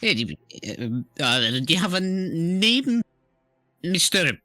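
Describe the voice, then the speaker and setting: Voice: medium pitch, wildly swooping pitch, unhurried, fairly bright tone, soft background music, voice pushed up, heavily acted. A player voicing a drunk adventurer in a put-on Scottish accent, rambling and slurring during a tabletop game. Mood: tipsy rambling. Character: drunk mushroom-sprouting adventurer Lugus. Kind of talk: tabletop role-play in character.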